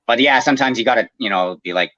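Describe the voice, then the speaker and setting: This time the Canadian who runs an aquarium maintenance business talks fast in a medium-pitched voice that's bright and forceful. In casual podcast chat he explains at length, leaning on fillers. The recording is dry and muffled.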